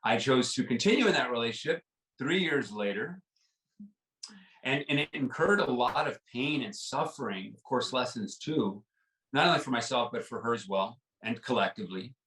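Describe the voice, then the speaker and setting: A podcast guest tells a personal story in an interview, speaking with earnest, halting sincerity, repeating himself and leaning heavily on "like" and "right?". His ordinary middle-pitched voice is animated and fairly bright. He sits a little distant from the mic in an echoey room.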